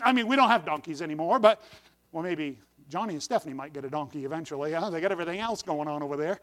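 A man's voice: on the high side, animated, fast, fairly bright tone. A man preaching a folksy sermon to his congregation, with sudden emphatic bursts on key words. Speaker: pastor.

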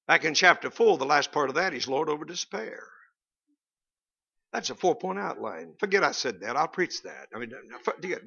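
Bright high-voiced Southern preacher. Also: male voice, vocal fry. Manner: folksy, joking preaching with asides and chuckles. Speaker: pastor. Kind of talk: sermon. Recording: dull lo-fi sound.

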